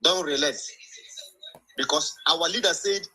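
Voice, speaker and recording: Earnest Nigerian man, bright husky voice. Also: fairly high pitch, measured pace, poor audio. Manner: earnest, preachy.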